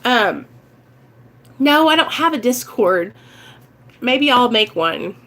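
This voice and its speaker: Recovery vlogger, woman, Midwestern American accent, high voice, emotional and direct, casual live chat. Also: sing-song, takes it slowly, fairly bright tone. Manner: earnest, emotional, talks straight to viewers.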